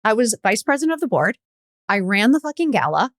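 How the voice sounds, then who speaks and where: A middle-aged woman, a podcast guest, telling stories in a candid, profane, animated way in casual chat. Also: a little high, fairly quick, no room sound, clean studio sound.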